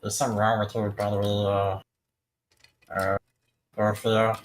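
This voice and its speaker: A player speaking in character in a tabletop game, cheeky and deadpan. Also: low voice, a little slow.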